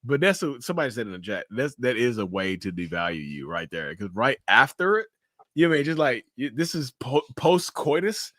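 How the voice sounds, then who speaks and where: A man's voice: a little fast, no room sound. A man hosting a casual interview, talking loosely with swearing and acting out his reactions in big jumps of voice. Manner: animated, acts out reactions with big pitch jumps and laughs. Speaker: interview host.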